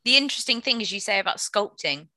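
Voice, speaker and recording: A woman hosts a relaxed interview, her voice bright and sharp. She keeps her turns short, dropping quick prompts and questions to keep her guest talking. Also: medium pitch. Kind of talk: casual interview chat.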